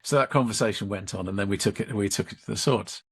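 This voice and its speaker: Man, middle-aged, coach guest, low pitch, very husky, measured storytelling. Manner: measured, re-enacts dialogue from a workshop. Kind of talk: storytelling in a podcast interview.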